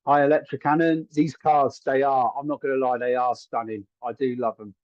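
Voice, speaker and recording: A man's voice: medium pitch, fairly even intonation, moderate pace, dry recording, muffled recording. Chatty male psychic medium on a live stream. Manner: chatty, hedging, often asks if it makes sense. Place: room at home.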